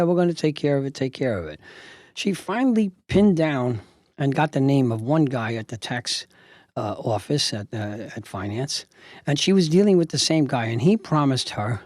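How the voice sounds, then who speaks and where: A man's voice: mid-range voice, a little mellow, no room sound, studio quality. An older man, a retired judge, telling a story from a past case in a rambling way, with many fillers and restarts. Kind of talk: storytelling monologue.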